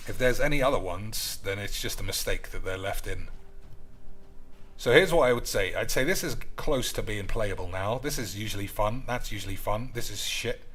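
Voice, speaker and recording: A young man commentates his own card game on a stream, brash and full of swearing, with a bright, cutting tone. He keeps calling his viewers boys and jokes loosely about his plays. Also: on the low side, lively intonation, normal speed. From United States. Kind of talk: casual gaming commentary.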